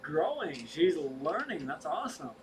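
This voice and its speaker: On the high side and very animated, this man talks at normal speed as co-host of a casual fish rescue livestream. Sitting back from a distant mic with faint background noise, he rambles, keeps restarting, and draws out words he wants to stress.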